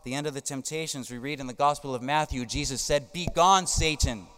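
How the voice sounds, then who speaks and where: Priest preaching in a reverberant hall. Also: male voice, medium pitch, fairly even intonation, quick pace, a bit bright, clean tone, faint music behind. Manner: emphatic, tags points with "right?". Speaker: Catholic priest. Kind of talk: sermon.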